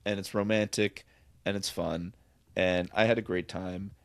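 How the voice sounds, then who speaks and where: A man's voice: low-pitched, steady tone, measured pace, no echo. A man co-hosting a podcast, rambling enthusiastically about films in casual chat with lots of fillers. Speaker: podcast co-host.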